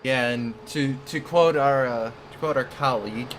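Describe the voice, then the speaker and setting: A man's voice: mid-range voice, normal speed, a bit bright, a little hiss or hum. A man with a Chicago accent co-commentating a sim race, joking and playful. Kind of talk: live sim racing commentary.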